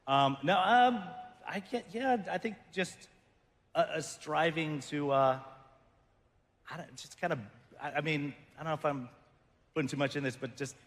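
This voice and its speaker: A man's voice: on the high side, normal speed, a bit bright. A man on a game panel, talking casually and hesitantly, groping for words. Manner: hesitant, many fillers and restarts. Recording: long reverb from a convention hall stage.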